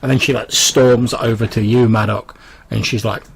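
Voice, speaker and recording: A man's voice: mid-range voice, steady tone, normal speed, a little hiss or hum. A man narrating a tabletop game as game master, rambling with many fillers.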